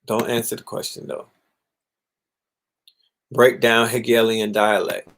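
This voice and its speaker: A young man hosting a casual livestream monologue, animated and profane, sometimes mocking others in put-on voices. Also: on the low side, unhurried, vocal fry. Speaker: livestream host.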